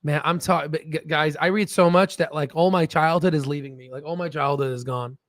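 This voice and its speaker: High-voiced rambling stock commentator man. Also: fairly even intonation, a little fast, no room sound. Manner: rambling, jokey, keeps asking "right?". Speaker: stock market video host.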